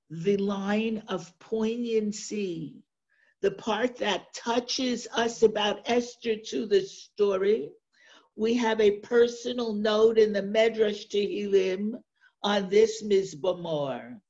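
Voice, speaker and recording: A husky-voiced woman teaches a class on a sacred text, speaking slowly and with care. She reads each verse in the original and then explains it line by line. The recording is dull and lo-fi. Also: mid-range voice, darkish tone. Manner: reads Hebrew verses then translates them, slow and deliberate. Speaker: Torah teacher. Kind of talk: text-study lesson.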